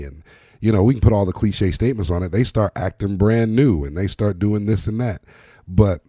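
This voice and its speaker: A deep-voiced man hosts a motivational talk. His tone is dark and mellow, and he pushes his points home with preacher-like repetition. The recording is close and dry, with no room sound. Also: breathy edge, dry recording. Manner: emphatic, preacherly, repeats words for effect. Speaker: podcast host. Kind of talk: motivational monologue.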